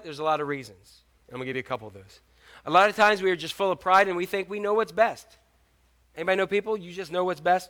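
A middle-aged man preaching a sermon as a pastor, animated and joking, acting out little stories as he goes. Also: on the high side. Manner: animated, storytelling with jokes and acted-out asides.

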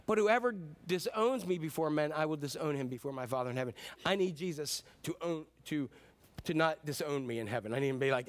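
A man preaching a sermon as pastor, telling stories in a casual, animated way with sudden whoops and cheers. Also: fairly high pitch, quick pace.

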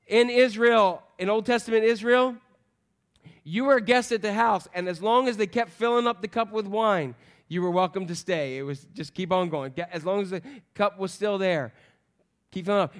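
A high-pitched, middle-aged pastor preaches a sermon with animated energy. He swings from loud calls to hushed, soft passages.

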